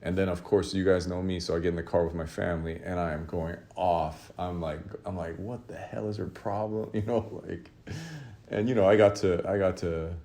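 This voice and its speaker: A man casually telling a rambling, self-mocking story, with laughs and shouted re-enactments. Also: low-pitched, steady tone, brisk. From Los Angeles area. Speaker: artist telling a story to his audience.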